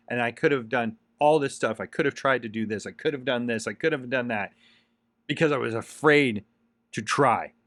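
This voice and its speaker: A man's voice: medium pitch, fairly bright tone, dry recording. A man hosting his own podcast, giving an earnest, repetitive motivational monologue with emphatic pushes. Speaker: podcast host.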